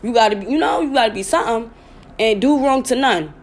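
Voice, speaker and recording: This woman runs her own podcast and talks straight to listeners, cursing plenty, gabbing bluntly and erupting into laughs now and then. Her voice is a little high and lively, and she talks fast.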